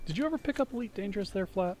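A man's voice: high-pitched, lively intonation, racing, a little mellow. A man co-hosting a casual gaming podcast over an online call, with wry, teasing remarks. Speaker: podcast co-host. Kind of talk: casual chat.

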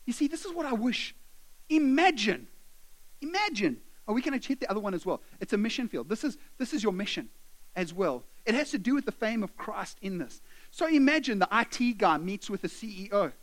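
Preaching in a high voice at a slightly fast clip, this male pastor animates his sermon with stories and acted-out characters. The recording quality is low.

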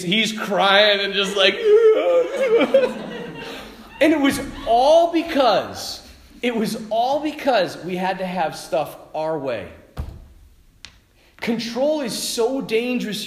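A priest giving a sermon, telling a personal story in a lively way, laughing and restarting his sentences. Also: high-pitched, reverberant, noisy background. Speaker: priest, vocation director.

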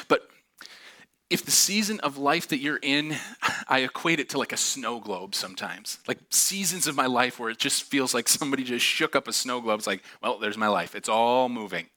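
A man preaching a sermon in church, telling a funny family story, animated and laughing often. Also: medium pitch, a little fast. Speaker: pastor. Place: church auditorium.

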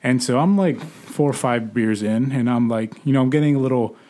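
A young man casually telling a bar story in a relaxed chat, swearing freely. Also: medium pitch, a little fast. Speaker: podcast co-host telling a story.

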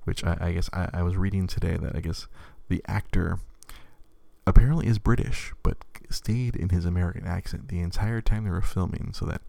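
A man's voice: deep voice, fairly quick, gravelly, mellow, dry recording. A man in his thirties chatting casually as a podcast host, rambling with many stammered restarts and frequent laughs. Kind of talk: casual chat.

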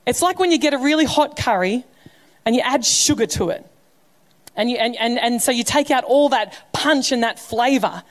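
A woman pastor preaches in a church, her voice sitting a little high for a woman. She talks casually and with humour, dropping into quoted voices to act out stories. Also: normal speed. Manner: conversational, humorous preaching with acted quotes. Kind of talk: sermon.

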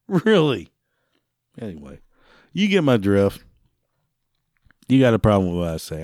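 A man's voice: lowish voice, big pitch swings, normal speed, long pauses, darkish tone, dry recording, clean studio sound. A man hosting a talk show, delivering an angry rant full of swearing, sometimes breaking into laughter. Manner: angry, swearing heavily, laughing between lines. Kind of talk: profane rant.

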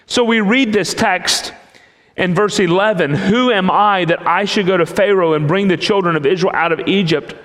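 A man preaching a sermon in an emphatic way, with long pauses between phrases. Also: high voice, fairly bright tone. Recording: long hall reverb.

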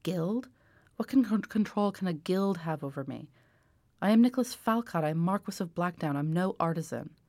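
A woman's voice: on the low side, normal speed, darkish tone, no echo, clean studio sound, close to an everyday voice. A woman reading the lines of a proud, wounded young male aristocrat soldier in a haughty, commanding tone. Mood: indignant.

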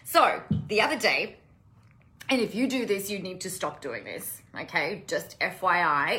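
A woman's voice: lowish voice, expressive, unhurried, bright, forceful tone. A woman business coach talking casually to camera, impassioned and blunt, swearing freely. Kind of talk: casual live-stream talk to camera.

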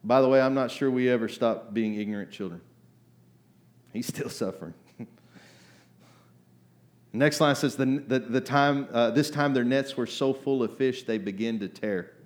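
A man delivering a sermon in a casual, talky way at a middle pitch. He keeps checking in with the crowd, slips into acted voices, and swings between low asides and loud, emphatic peaks. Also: moderate pace, pauses often. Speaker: pastor.

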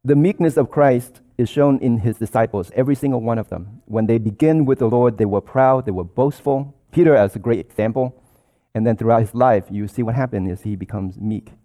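A man's voice: mid-range voice, a little fast, warm tone. A man preaching a sermon, explaining scripture in an earnest, explanatory way and quoting verses.

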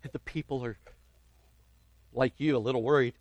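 A man's voice: medium pitch, steady tone, moderate pace, a little mellow, no echo. Earnest preacher man, dry close sound. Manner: earnest storytelling preaching with dramatic emphasis. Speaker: pastor. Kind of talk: sermon.

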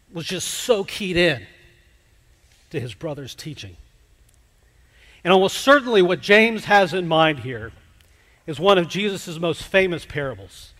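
Man, pastor, sermon, unhurried emphatic delivery, somewhat high voice, long reverb of a church hall. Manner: slow, emphatic preaching that drops to a hush.

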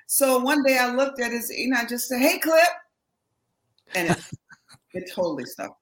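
A woman from Berkeley, a session singer, telling stories in a lively, laughing way as an interview guest. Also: fairly high pitch, normal speed, echoey room, rough recording. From Berkeley, California. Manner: animated storyteller, laughs often. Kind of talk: casual interview chat.

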